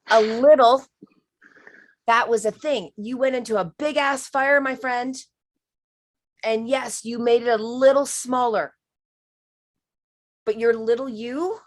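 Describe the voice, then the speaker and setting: A woman giving a spiritual healing reading on a live stream, talking frankly and emphatically, swearing now and then and calling the listener honey. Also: a little high.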